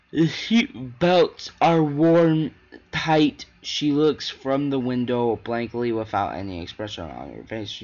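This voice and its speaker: Man haltingly reading game text aloud. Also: mid-range voice, highs cut off. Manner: halting, with frequent restarts and stumbles. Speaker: gaming channel host.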